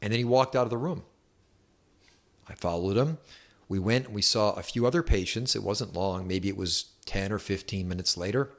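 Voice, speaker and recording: Man, chiropractor, very low voice, gravelly fry, relaxed storytelling, wry asides. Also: normal speed. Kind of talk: storytelling health talk to camera.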